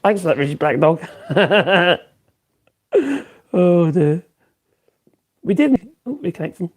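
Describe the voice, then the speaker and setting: A man's voice: high voice, lively intonation, takes it slowly. A man in his fifties with a Norfolk accent, chatting casually on a woodworking livestream, rambling with lots of fillers and restarts. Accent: Norfolk English. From Norfolk, England. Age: 50s. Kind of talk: casual livestream chat answering viewers.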